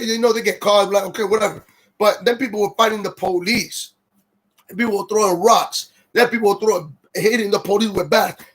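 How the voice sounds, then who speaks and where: A man's voice: high-pitched, slightly rough. A man hosting a livestream, ranting heatedly with lots of profanity and reading viewer comments aloud. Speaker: livestream host.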